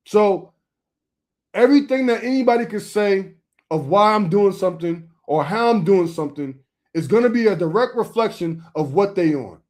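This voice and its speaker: A young man with a high-pitched voice preaches informally straight to his listeners. He talks in an emphatic, streetwise way, stacking short repeated phrases to drive each point home. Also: lively intonation, moderate pace, darkish tone.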